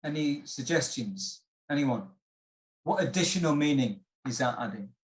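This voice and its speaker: Running an online IELTS prep workshop, this man speaks at a normal pace in an animated, medium-pitched voice, and the sound is roomy. He explains patiently and puts questions to the class, often using fillers and starting over.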